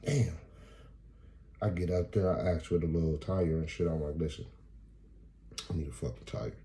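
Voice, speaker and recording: A man's voice: a bass voice, steady tone, a little fast, warm tone. A man doing freestyle stand-up, telling a profane story and acting out the dialogue in it. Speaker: stand-up comedian.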